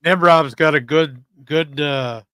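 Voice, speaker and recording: A man's voice: a little high, slow pace, fairly bright tone, clear, resonant tone, no room sound, studio quality. A man co-hosting a casual livestream, reading out chat comments, blunt and wry, swearing freely.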